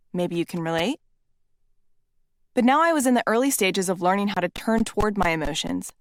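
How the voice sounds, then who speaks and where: A woman narrates her own memoir, candid and conversational, with blunt swearing. Her voice sits at a middle pitch. The recording is dry and close. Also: no echo. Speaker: author reading her own book.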